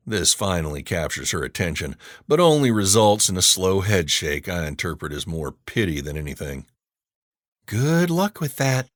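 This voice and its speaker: A man with a very deep voice narrating an audiobook in the first person, gruff and wry in tone. His delivery swings widely in pitch, and the sound is close and dry. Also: a bit bright, dry recording.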